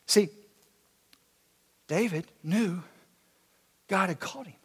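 A man preaching a sermon in a church, retelling a story with animated, casual, slangy delivery, in an echoey hall. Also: sits high, moderate pace. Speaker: pastor.

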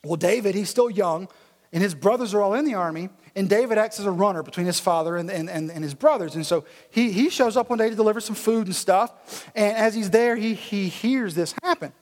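High-voiced animated preacher in an echoey hall. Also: male voice, fairly quick. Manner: animated storytelling, casual slang. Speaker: pastor. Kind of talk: sermon.

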